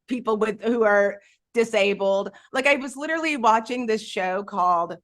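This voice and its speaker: A woman co-hosting a podcast in casual chat, animated, laughing often and jumping between topics. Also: on the high side, normal speed. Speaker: podcast co-host.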